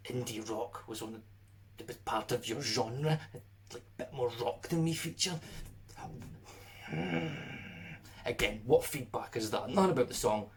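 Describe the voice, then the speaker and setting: A musician in a casual vlog, sarcastic, laughing and swearing. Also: male voice, medium pitch, a little slow, pauses often.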